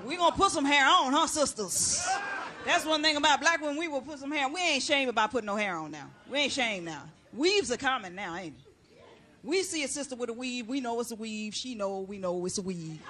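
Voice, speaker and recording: A woman performing a stand-up comedy routine on stage, brash and sassy, shouting her punchlines. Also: high voice, animated, a little fast. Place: stage before a live audience. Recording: live show with crowd laughter and noise.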